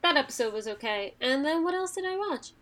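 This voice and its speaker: A woman's voice: high voice, expressive, fairly quick, fairly bright tone. A woman co-hosting a casual podcast, rambling and chatty with frequent fillers. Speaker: podcast co-host. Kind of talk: casual chat.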